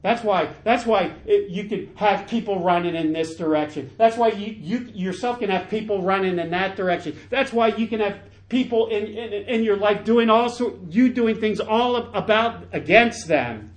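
A man's voice: high-pitched, moderate pace, hardly any pauses. A male pastor preaching a sermon, enthusiastic and emphatic, with lots of repetition.

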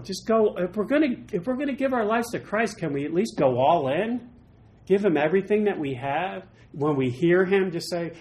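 A middle-aged male pastor giving an informal midweek sermon, lively and conversational, acting out quoted voices. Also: poor audio. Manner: animated, acts out quoted voices with big jumps in pitch and loudness.

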